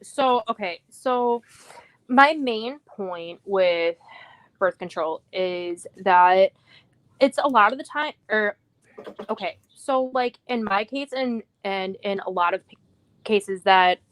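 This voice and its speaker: A woman's voice: medium pitch, slow, fairly bright tone. Hesitant woman guest. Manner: hesitant, lots of fillers. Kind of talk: casual conversation.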